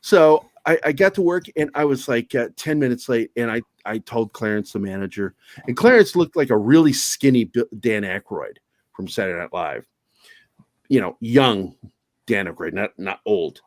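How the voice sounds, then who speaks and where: A man's voice: medium pitch, expressive, normal speed, no echo. A man guesting on a podcast, telling stories in a casual, profane, self-mocking way. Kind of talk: casual storytelling chat.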